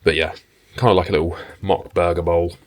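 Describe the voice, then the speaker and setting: A young man chatting casually to camera in a relaxed, rambling way, with fillers and some swearing. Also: sits low, a little fast. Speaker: bodybuilding vlogger and personal trainer. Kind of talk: casual vlog chat to camera. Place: indoors at home and in a parked car.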